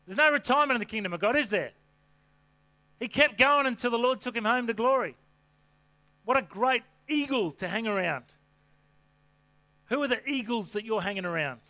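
A man preaching a sermon to a congregation from a church stage, with an energetic, folksy delivery full of rhetorical questions. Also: extremely high pitch, moderate pace, long pauses. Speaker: pastor.

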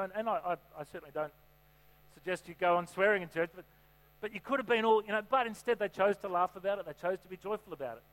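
High-voiced male preacher. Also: quick pace, a bit bright. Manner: chatty, joking, asks the crowd questions. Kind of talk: sermon. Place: church hall. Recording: reverberant hall with mains hum.

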